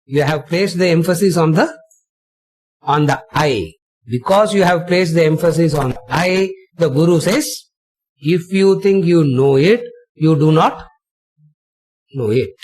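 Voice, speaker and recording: A man teaching a retreat lecture on scripture, slow and emphatic, repeating phrases and asking rhetorical questions. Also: fairly high pitch, a little mellow, breathy edge. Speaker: spiritual teacher.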